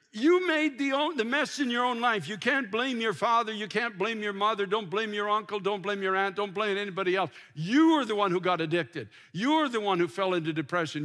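A man's voice: high-pitched, pushed and bright. An older man preaching a sermon from a church pulpit, impassioned and full of restarts. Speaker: pastor. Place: large church sanctuary.

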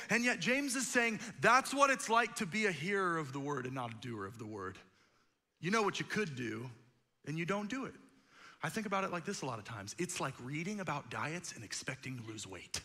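Male pastor, bright and forceful delivery, casual animated sermon style, long church reverb. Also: fairly high pitch, a little fast. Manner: animated, conversational preaching with acted-out quotes and asides. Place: church auditorium.

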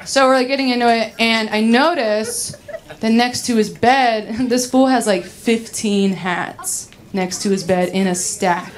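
Young woman doing stand-up in a club, kinda high voice, giggly, noisy live recording with the crowd laughing. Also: a little slow. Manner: bubbly, giggly delivery. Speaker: stand-up comic. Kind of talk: stand-up comedy set. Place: comedy club stage. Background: audience laughter.

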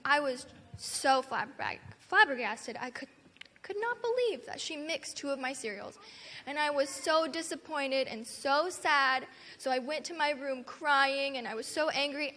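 A woman telling a children's story in a church service, expressive and animated as she talks to the kids. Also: high voice. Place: church sanctuary. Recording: long hall reverb, faint noise.

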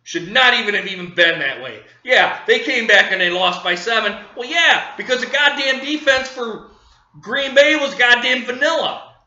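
A man's voice: very high voice, lively intonation, normal speed, pushed and bright, reverberant, lo-fi sound. A man ranting angrily about his football team, cursing and repeating himself, livid. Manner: profane, furious, repeating himself. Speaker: sports fan vlogger. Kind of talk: angry fan rant.

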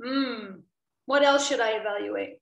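A woman from the southern United States runs an online workshop session, keeping it lively and playful as she keeps asking the group questions. Her voice sits high, and it comes over a video call from an echoey room. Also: measured pace, creaky. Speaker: workshop trainer. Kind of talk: interactive online teaching.

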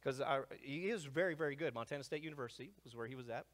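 A man giving an energetic lecture to a live audience, jumping between loud, excited asides and hushed remarks. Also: mid-range voice, very fast. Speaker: speaker presenting to a live audience. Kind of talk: animated lecture. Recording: long hall reverb.

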